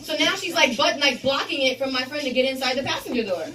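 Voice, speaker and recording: A young woman on a radio show, telling a story in a lively, profane, vivid way. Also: sits high, quick pace, over music. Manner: animated, profane, vivid retelling. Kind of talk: casual storytelling chat. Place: radio studio. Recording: voice distant from the mic.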